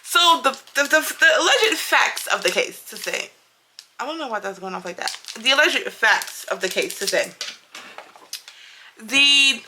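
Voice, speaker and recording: A woman's voice: fairly high pitch, pushed and bright, slight background noise. A woman doing a casual makeup review and storytime, chatty and emphatic, repeating herself and talking straight to her viewers. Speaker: beauty vlogger.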